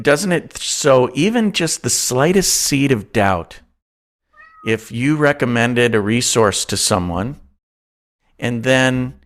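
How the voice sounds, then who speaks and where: A man's voice: mid-range voice, fairly bright tone. A man co-hosting a casual business podcast, talking in a reflective, conversational way. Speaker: podcast co-host.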